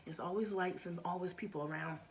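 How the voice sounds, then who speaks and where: A woman's voice: lowish voice, fairly even intonation, fairly quick, background noise. A middle-aged woman vlogger telling a story in a casual, earnest way, often dropping to a near-whisper.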